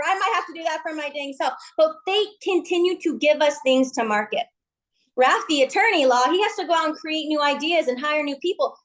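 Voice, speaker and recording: A woman's voice: high-pitched, a bit bright. A woman leading a team call, giving an upbeat motivational pep talk with folksy slang. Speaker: MLM team leader on a call.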